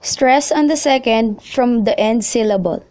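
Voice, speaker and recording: Slow, careful young woman reading a lesson. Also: on the high side, darkish tone, no echo. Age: young adult. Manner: slow, careful, spelling letters out one by one. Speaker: student presenter. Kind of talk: reading a lesson script aloud.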